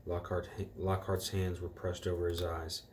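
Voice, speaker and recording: Deep-voiced man reading a storybook aloud. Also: normal speed, a little hiss or hum. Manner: relaxed, corrects himself and rereads.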